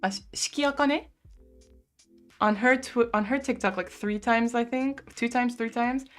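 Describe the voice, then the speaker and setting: A woman's voice: a little high, moderate pace, faint music behind. A young woman from the United States with a lisp, chatting casually on a live stream, giggling often and saying "like" a lot. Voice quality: lisp, speech impediment. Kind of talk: casual chat reading viewer comments.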